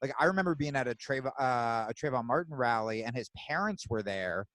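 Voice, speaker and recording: A man's voice: medium pitch, lively intonation, fairly quick, fairly bright tone, no room sound. Man, podcast host, casual chat, blunt, swears a lot, dry recording. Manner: blunt, swears freely, many short agreements.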